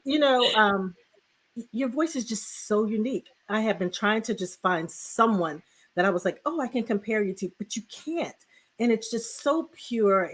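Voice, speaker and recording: A woman co-hosting a casual online talk show, effusive and excitable, talking in rambling bursts. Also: medium pitch, husky. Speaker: co-host.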